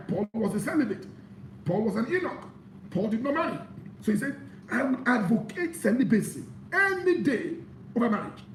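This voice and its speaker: A man preaching a sermon, reading scripture aloud and explaining it with animated emphasis. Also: very high-pitched, distant mic, a little hiss or hum. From Nigeria. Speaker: pastor. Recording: echoey room.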